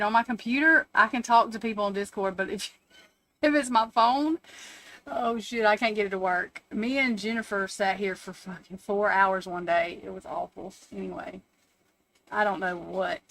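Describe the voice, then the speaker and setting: A woman's voice: mid-range voice, normal speed, a bit bright. A woman hosting a casual live stream from home, chatting, swearing freely, laughing often and answering her chat.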